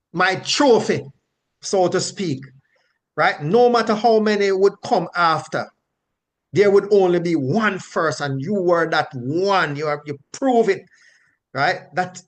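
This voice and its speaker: A man teaches scripture verse by verse in a slightly higher-than-usual voice. He explains patiently, checks in with the listener through repeated "right?" tags, and spells out Hebrew terms letter by letter. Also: a bit bright. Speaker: Bible teacher.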